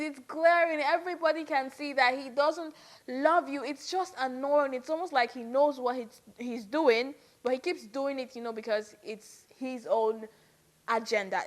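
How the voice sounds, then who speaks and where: A young woman giving casual, exasperated gossip commentary on a reality show, ranting in a lively way with lots of "like". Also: a little high. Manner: exasperated, animated ranting with frequent "like".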